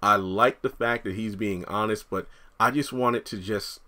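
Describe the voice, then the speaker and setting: A man's voice: lowish voice, moderate pace. Chatty male recap host, slightly sore throat. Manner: chatty, animated commentary. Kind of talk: casual commentary.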